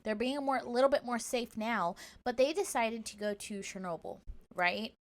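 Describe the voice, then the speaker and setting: Chatty woman podcast co-host, slightly high. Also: moderate pace. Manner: chatty, animated storytelling. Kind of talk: casual podcast chat.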